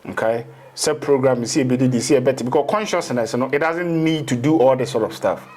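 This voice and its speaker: A man's voice: medium pitch, fairly quick, a little mellow. A man, a spiritual teacher in a casual interview, rambling through explanations and slipping into local phrases.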